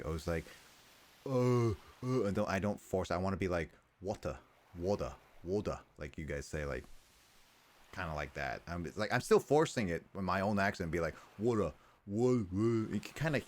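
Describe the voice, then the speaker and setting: A young man streaming a game, chatting casually and rambling with frequent restarts. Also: very deep voice. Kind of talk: casual gameplay chat.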